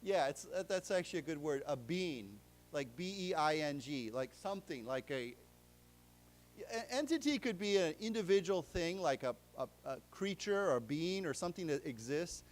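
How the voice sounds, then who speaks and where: American guy teaching english words, slightly high voice, lots of fillers and restarts. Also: animated. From United States. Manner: explains vocabulary slowly, with many fillers and restarts. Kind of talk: live English lesson to a class. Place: lecture room in a library.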